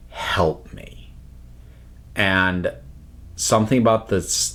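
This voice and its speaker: Slow, low-voiced man musing expressively. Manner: expressive, halting, with many restarts. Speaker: YouTube host reviewing films. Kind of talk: casual spoken commentary.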